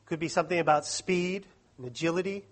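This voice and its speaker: A man's voice: a little high, brisk. A man giving a humorous, self-deprecating talk to a live audience at a Christian study week. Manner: joking, self-deprecating, chatty asides.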